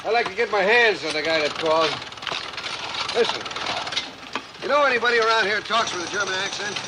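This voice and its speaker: A man playing a brisk, commanding police lieutenant, in 1950s film acting. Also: sits high, close to an everyday voice. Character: gruff, brisk middle-aged police lieutenant. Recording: old film soundtrack with loud street noise.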